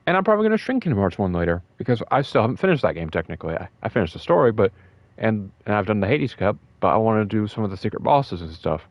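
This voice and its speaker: A young man talking in a casual, rambling way about a fighting game, emotional and excited, with many fillers and restarts. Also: fairly low pitch, fast talker, dry recording, muffled recording. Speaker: gaming video host.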